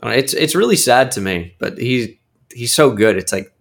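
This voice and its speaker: A man's voice: medium pitch, expressive, moderate pace, gravelly. A man on a sports podcast, talking enthusiastically with lots of "like" and "uh". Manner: enthusiastic, filler-heavy. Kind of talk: casual sports chat.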